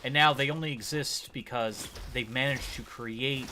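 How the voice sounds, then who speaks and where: A man's voice: medium pitch, normal speed, noisy background. A man streaming a game, chatting casually and rambling enthusiastically as he plays. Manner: rambling, enthusiastic, musing aloud. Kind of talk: casual gameplay commentary.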